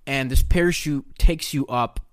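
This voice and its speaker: A man co-hosting a casual chat, telling animated stories and swearing freely. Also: medium pitch, moderate pace, clean tone, no room sound, clean studio sound. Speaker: podcast co-host.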